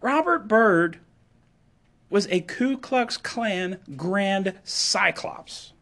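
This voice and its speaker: A man's voice: animated, extremely slow, gravelly. Emphatic man in a political monologue. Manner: emphatic, sarcastic, swings between loud and low. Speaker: political commentator.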